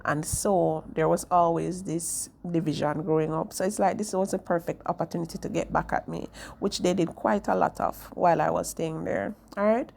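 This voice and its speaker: Gravelly-voiced woman with a lilt. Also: fairly low pitch, steady tone, moderate pace, few pauses, a little mellow. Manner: candid, chatty, often tags "right?". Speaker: vlogger. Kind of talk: personal storytelling.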